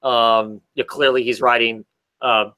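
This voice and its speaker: A man's voice: mid-range voice, little pitch movement, a little slow, sharp tone. A man casually recapping a comic story, rambling with many fillers and restarts. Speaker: podcast co-host reviewing comics. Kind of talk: casual chat.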